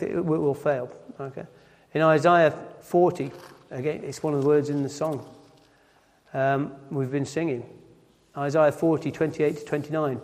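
A man's voice: fairly high pitch, a little mellow. A man giving an earnest sermon, repeating key phrases and often checking in with "right?". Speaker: lay preacher. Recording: long reverb of a church hall.

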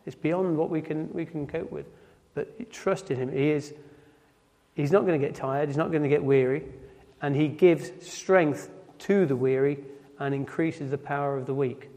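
A man's voice: on the high side, steady tone, normal speed, mellow. A man giving an earnest sermon, repeating key phrases and often checking in with "right?". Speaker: lay preacher. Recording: long reverb of a church hall.

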